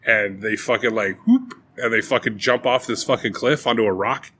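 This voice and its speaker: Animated, swearing young man. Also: medium pitch, brisk, slight background noise. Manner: profane, animated retelling with acted-out quotes. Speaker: podcast co-host. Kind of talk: casual chat.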